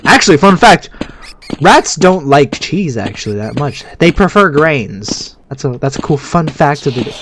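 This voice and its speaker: A man giving excitable let's-play commentary, yelping and shouting at scares and muttering quietly to himself in between. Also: on the high side, normal speed, noisy background. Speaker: gamer.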